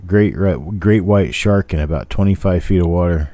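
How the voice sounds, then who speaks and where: A man's voice: low-pitched, normal speed, warm tone, dry recording. An older man hosting a live coin-hunting stream, chatting loosely and joking with viewers by name as he inspects coins. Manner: rambling, jokey, talks to viewers by name. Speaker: host.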